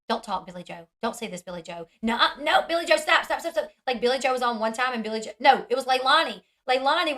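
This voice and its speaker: A woman's voice: on the high side, sharp tone. A woman hosting a commentary vlog, blunt and sarcastic, often mockingly mimicking others. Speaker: commentary channel host.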